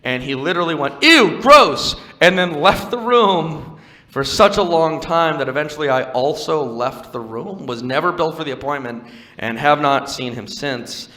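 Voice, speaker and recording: A man's voice: mid-range voice, normal speed, a bit bright. A young man doing a stand-up comedy set in a venue, chatting wryly with the crowd and telling self-deprecating stories. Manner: conversational, wry and self-deprecating with playful crowd work. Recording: live venue with long reverb.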